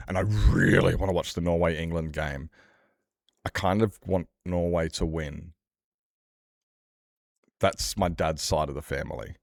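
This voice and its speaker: Very deep-voiced man chatting. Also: fairly even intonation, unhurried, creaky, pauses often, dry recording, clean studio sound. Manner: rambling, joking, talking back to chat. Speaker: streamer. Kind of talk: casual livestream chat while gaming.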